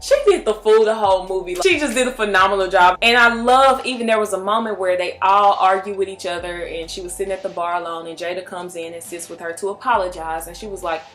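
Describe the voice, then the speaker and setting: A young woman chatting excitedly through a casual movie review, full of restarts and asides. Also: medium pitch, quick pace, few pauses, faint music behind.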